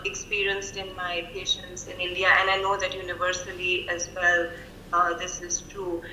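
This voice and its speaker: A woman clinical psychologist speaking over a video call, thoughtful and measured, with frequent fillers. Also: on the low side, bright, forceful tone, echoey room, a little hiss or hum, poor audio. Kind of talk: professional video-call interview.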